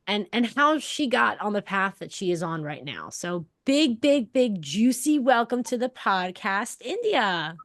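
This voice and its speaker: A woman's voice: mid-range voice, no room sound, studio quality. A woman hosting a podcast, bubbly and enthusiastic, chatting casually and laughing often. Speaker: podcast host. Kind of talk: casual interview chat.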